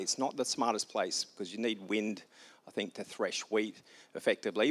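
A man's voice: fairly low pitch, brisk. A man preaching informally, retelling a scripture story with casual asides and light humor.

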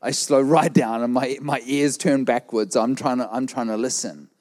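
Animated male preacher telling a story. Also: mid-range voice, moderate pace. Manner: animated storytelling, acts out quoted voices. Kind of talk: sermon with personal story.

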